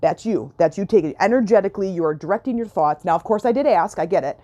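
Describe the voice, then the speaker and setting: A woman with a medium-pitched, dark voice talks quickly and animatedly as she hosts a self-help podcast. Her casual coaching monologue is chatty and earnest, and she repeats her points and keeps checking that the listener is following along.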